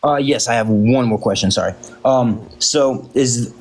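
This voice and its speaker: A man's voice: medium pitch, unhurried, slightly rough. A man calling in as a guest, polite and hesitant, stumbling over his words. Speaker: caller guest. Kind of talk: casual live-stream conversation.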